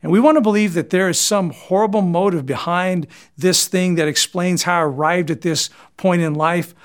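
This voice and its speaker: A man delivers a sermon as a pastor, earnest and emphatic. His fairly high voice swings up for emphasis and drops low and quiet for reflective points. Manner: earnest preaching with dramatic rises and drops in pitch and volume.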